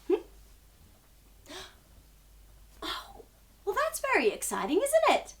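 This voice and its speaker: A woman's voice: high voice, wildly swooping pitch, unhurried, long pauses. A young woman hosting a children's storytime, bubbly and sing-song, talking to young viewers as if they answer back.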